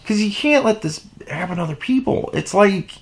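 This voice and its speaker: A young man riffs alone into his podcast mic in a heated, profane rant. His voice sits a bit high, jumps up and down wildly in pitch, and has a gravelly edge. He swings between loud indignation and low muttering. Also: animated, moderate pace. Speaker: podcast host. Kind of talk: solo opinion rant.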